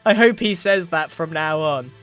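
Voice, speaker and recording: A man's voice: fairly high pitch, moderate pace, fairly bright tone, clear, resonant tone, soft background music. A man, chatting and teasing playfully while gaming. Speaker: guest player. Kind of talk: casual gaming chat.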